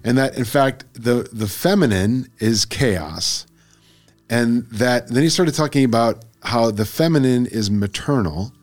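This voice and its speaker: A man's voice: mid-range voice, a little slow, faint music behind. A man co-hosting a podcast in casual chat, rambling and stumbling over words as he corrects himself. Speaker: podcast co-host.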